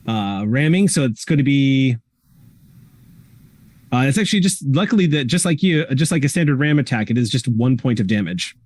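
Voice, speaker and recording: A man running a tabletop game as game master, describing the action vividly and pausing often with "um". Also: medium pitch, darkish tone, no echo. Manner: vivid descriptive narration with frequent ums.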